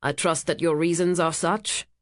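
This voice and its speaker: Middle-aged male ship captain, read by a woman, curt and officious, low and dry. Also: fairly even intonation, moderate pace, no echo, close to an everyday voice.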